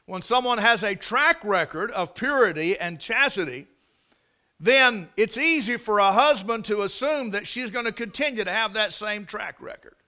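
Pastor, male, high bright voice, repetitive emphatic preaching style. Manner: preaching with repeated words, drawn-out emphasis and rhetorical questions. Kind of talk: sermon.

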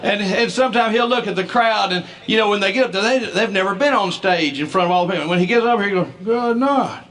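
A man telling family stories as a comedian, folksy and quick to laugh. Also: high-pitched, a bit bright. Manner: folksy, stumbling restarts, laughing through stories. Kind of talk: stand-up storytelling.

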